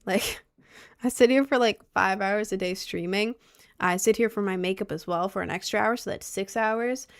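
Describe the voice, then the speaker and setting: A woman's voice: medium pitch, moderate pace. Young woman streamer rambling to chat, sarcastic, fidgety, lots of likes, home setup. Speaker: live streamer. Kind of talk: casual stream chat, reading chat. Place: home streaming room, seated in chair.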